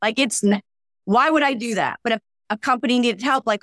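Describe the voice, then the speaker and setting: Animated woman coach, dry close sound. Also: a little high, fast talker, no room sound. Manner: animated, acts out quoted voices. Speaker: mental skills coach. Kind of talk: casual interview talk.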